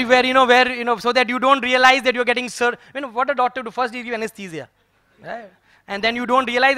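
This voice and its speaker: A man giving a sermon in a temple, telling a story in a lively, conversational way and chuckling often. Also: extremely high pitch, no room sound, clean studio sound. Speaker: preacher. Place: temple hall.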